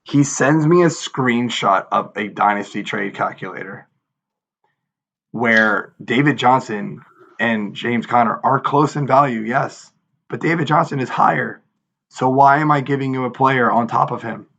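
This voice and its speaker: A man in his thirties co-hosting a podcast, telling an animated story in casual chat and acting out quoted lines with exasperation. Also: mid-range voice, measured pace, vocal fry, highs cut off. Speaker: podcast co-host.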